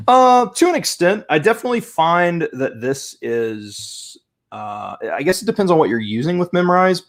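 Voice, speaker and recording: A man hosting a casual live stream, chatting and thinking aloud as he tries an app and repeats practice phrases. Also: medium pitch. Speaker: language-learning channel host.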